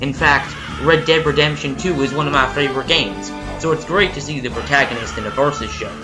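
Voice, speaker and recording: A man's voice: mid-range voice, a little fast, music in the background, poor audio. Man with a put-on cowboy drawl. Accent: put-on American cowboy drawl. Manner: mock-serious, jokey drawl. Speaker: video commentator. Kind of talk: comedic prediction monologue.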